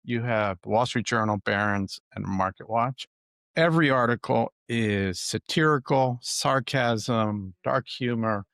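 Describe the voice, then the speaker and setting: Gravelly-voiced podcast host. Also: male voice, mid-range voice, a little slow, a bit bright, no room sound, clean studio sound. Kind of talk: casual interview chat.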